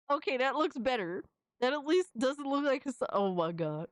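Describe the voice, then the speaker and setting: A woman's voice: sits high, big pitch swings, normal speed, no room sound, studio quality. A young woman streamer reacting casually to fan images, slangy and exclamatory, often laughing.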